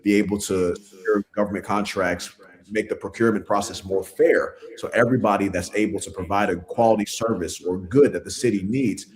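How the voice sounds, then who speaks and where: A man's voice: fairly low pitch, fairly even intonation, fairly quick. A man, a city council member running for office, talking earnestly in a casual interview and laughing at himself.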